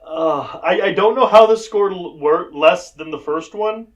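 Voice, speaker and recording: A man's voice: high voice, unhurried. A man co-hosting a casual movie review show, wry and sarcastic. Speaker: podcast co-host.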